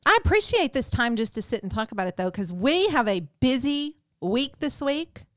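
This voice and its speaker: A woman's voice: on the high side, sing-song, moderate pace, fairly bright tone, dry recording, clean studio sound. A woman co-hosting a casual chat podcast, joking and laughing often. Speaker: podcast co-host.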